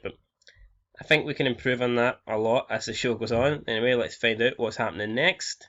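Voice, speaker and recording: A man's voice: mid-range voice, normal speed, a bit bright, muffled recording. A man in his twenties from Scotland, casually commentating on a game he is playing, swearing freely and reading out scores and ratings. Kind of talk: casual let's-play commentary.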